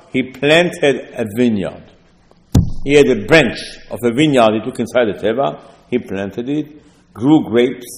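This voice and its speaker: Telling stories with asides and rhetorical questions, a rabbi delivers a sermon in a mid-range, slightly mellow voice. A long reverb from the hall trails behind his words.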